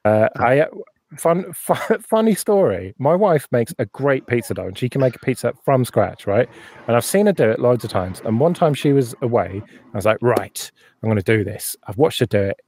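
A man's voice: medium pitch, expressive, normal speed, a little mellow, slightly rough, no room sound. A man hosting a casual live-stream chat, chatty and laughing often, sometimes swearing. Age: older than a younger co-host. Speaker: podcast host.

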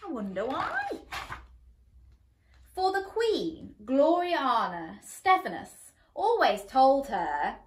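A woman reading a bedtime story to children in an animated way, often asking them to join in. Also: sits high, slow, pauses often. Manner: animated, talks to children directly. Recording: echoey room.

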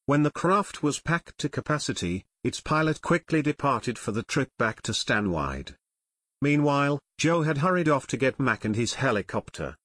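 Steady male audiobook narrator. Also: medium pitch, normal speed, no room sound. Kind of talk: scripted narration.

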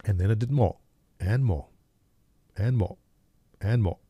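Speaking a little slowly in a lowish, dark, slightly rough voice with no room sound, this man in his forties walks viewers through a chart. The ex-day-trader turned streamer and market commentator tells casual stories, asks rhetorical questions and chuckles at his own anecdotes.

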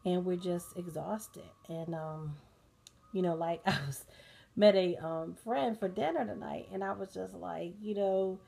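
A woman's voice: fairly low pitch, measured pace, gravelly. Tired, chatty woman winding down at night. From United States. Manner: relaxed, chatty, laughing often, many fillers. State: sleepy and tired. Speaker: host of a bedtime talk channel. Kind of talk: casual bedtime chat to viewers. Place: dim bedroom at night, soundscapes playing.

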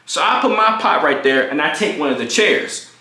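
Young dude doing a storytime, cussing a lot, acts out the convo, roomy echo. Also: male voice, normal speed. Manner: animated, profane, acts out quotes in high voices. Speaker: storytime vlogger. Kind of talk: casual storytelling.

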